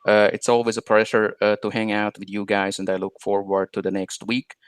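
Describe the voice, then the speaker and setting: A man's voice: fairly low pitch, monotone, fairly quick, clear, resonant tone, no echo. A man co-hosting a live stream, talking in long rambling questions full of fillers. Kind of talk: casual live stream chat.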